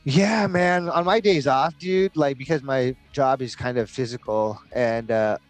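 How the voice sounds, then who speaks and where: A man's voice: medium pitch, measured pace, dry recording, soft background music. A man from the United States co-hosting a podcast, telling rambling stories full of fillers and swearing in casual chat. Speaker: podcast co-host.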